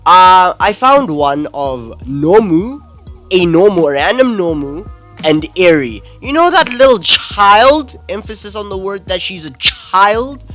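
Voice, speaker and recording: A man's voice: sits high, very animated, unhurried, bright, forceful tone. Man ranting angrily over music. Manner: angry, swearing, exasperated ranting. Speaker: commentary YouTuber. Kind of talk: ranting video commentary.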